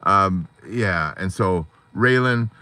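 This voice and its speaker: A man hosting an unscripted live stream from inside his parked car at night, rambling and animated, slipping into quoted voices. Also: low-pitched, slow pace, dry recording. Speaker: live-stream host of a divorced dads channel.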